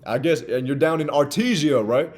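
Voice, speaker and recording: A young man giving a motivational talk on sales, energetic and acting out sales conversations in different voices. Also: on the high side, moderate pace. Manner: energetic, acts out sales dialogues in varied voices. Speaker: sales coach.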